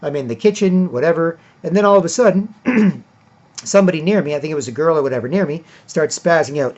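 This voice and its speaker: Fairly high-pitched yet darkish in tone, a man vlogging at a fast clip rambles through a long, casual tale with lively intonation, sprinkling in "right?" and "whatever". When he quotes people he mocks them in a raised voice; the audio is dull and lo-fi.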